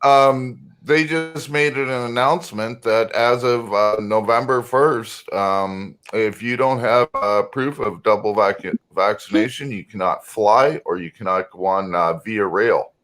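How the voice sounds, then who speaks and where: A man from Canada in casual chat, easygoing and hesitant, often pausing on fillers. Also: lowish voice, a bit bright, rough recording.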